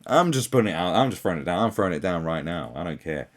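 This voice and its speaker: Man, twenties, ranting commentary, sarcastic, swearing, swooping pitch. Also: big pitch swings, fast, a little hiss or hum. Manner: sarcastic, profane, mocks in shrill put-on voices. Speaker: commentary host.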